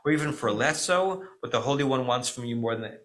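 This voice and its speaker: A man's voice: medium pitch, animated, brisk, fairly bright tone, low-quality recording. A middle-aged man, an American rabbi, giving a conversational Shabbat teaching with frequent "right?" asides and self-corrections.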